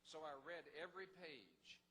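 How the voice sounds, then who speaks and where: An older pastor tells his story from the pulpit in an animated, emphatic way. His voice sits high and rings bright and forceful. The sound carries a long hall reverb with a faint hiss underneath. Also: moderate pace. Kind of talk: testimony sermon.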